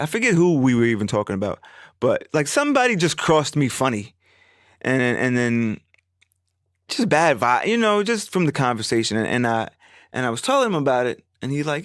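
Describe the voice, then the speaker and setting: A young man hosting a podcast alone, telling a story in a rambling, animated way, swearing often and acting out what his friends said. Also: on the high side, brisk, dry recording, clean studio sound. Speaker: podcast host. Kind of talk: casual solo podcast storytelling.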